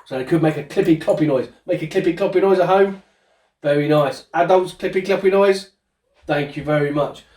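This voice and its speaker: A man's voice: a little high, brisk, darkish tone. Cheerful man teaching a child. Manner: cheerful, coaxing questions. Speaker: presenter. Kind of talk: home-school lesson with a child. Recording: roomy sound from a distance.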